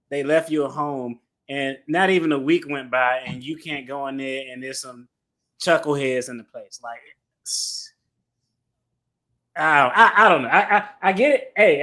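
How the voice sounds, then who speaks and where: Bright, animated man reacting with slang. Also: a little high. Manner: animated, slangy, laughs often. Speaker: attorney reaction host. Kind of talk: casual reaction commentary.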